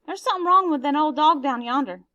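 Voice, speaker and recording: A woman's voice: sits high, animated, fast, sharp tone, dry recording, highs cut off, voice pushed up. Earnest young boy, eager, pleading, voiced by a woman reader, dry close sound. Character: earnest young boy, anxious older brother. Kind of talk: reading a novel aloud.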